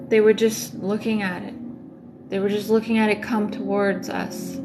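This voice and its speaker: A woman's voice: medium pitch, flat delivery, unhurried, music in the background. A woman tarot reader on a livestream, telling a dream in a rambling way with many fillers.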